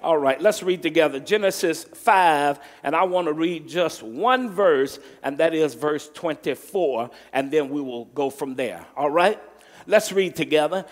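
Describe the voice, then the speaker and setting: Slow emphatic preacher in a reverberant hall. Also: male voice, a little high, faint music behind. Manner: emphatic preaching, drawn-out stressed words, call and response. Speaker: pastor. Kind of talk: sermon. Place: church sanctuary. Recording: long reverb from a large hall.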